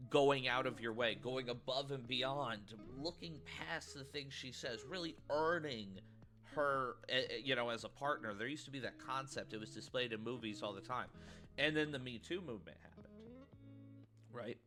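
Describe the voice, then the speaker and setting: Reaction host, male, bright voice, rambling casual commentary, soft music under him. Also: mid-range voice, moderate pace. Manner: rambling, repeats words, laughs often.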